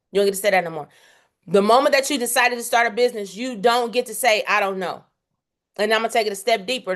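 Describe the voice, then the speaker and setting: A woman's voice: a little high, a bit bright. A woman teaching a bookkeeping workshop in a direct, casual, emphatic way, often checking in with "okay?". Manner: casual, direct, uses slang. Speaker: bookkeeping instructor.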